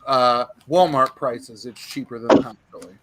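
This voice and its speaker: A man's voice: mid-range voice, normal speed, background noise. A man hosting a live comic book auction stream, chatty and joking, who swears casually.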